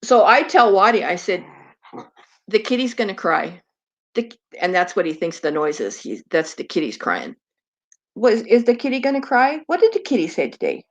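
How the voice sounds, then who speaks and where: A woman's voice: medium pitch, big pitch swings, normal speed, dull audio. A woman hosting a casual live stream in a chatty, rambling way, slipping into baby talk with her dog.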